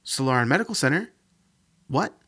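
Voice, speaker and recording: A man's voice: mid-range voice, very animated, fairly quick, a bit bright, breathy edge, voice pushed up. A man voicing a stern woman doctor under pressure, speaking urgently and curtly. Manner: urgent and curt.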